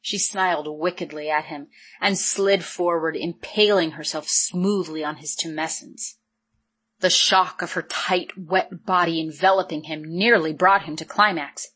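Breathy low-voiced woman reading an audiobook. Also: sharp tone. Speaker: audiobook narrator. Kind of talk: audiobook narration.

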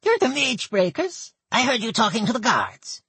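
A hunched goblin woman with a thick nasal voice, sly and insinuating, lifted high above the reader's own register, as a man voices her. Husky texture, with pitch bouncing all over. Dry, close sound. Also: very animated, moderate pace, sharp tone, no room sound, exaggerated voice. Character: hunched scheming female goblin envoy. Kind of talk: audiobook narration.

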